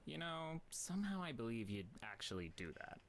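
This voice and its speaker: A young bandmate stuck with a snoring roommate. the voice moves lively up and down under a deadpan, fed-up delivery. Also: medium pitch, fairly quick, very noisy. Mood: exasperated. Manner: deadpan, exasperated.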